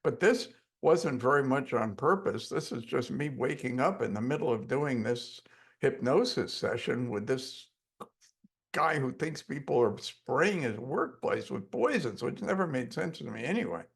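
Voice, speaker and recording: A man who teaches hypnosis tells a story in a course lesson, in a casual, profane and animated way. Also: medium pitch, a little slow, vocal fry. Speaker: hypnosis instructor.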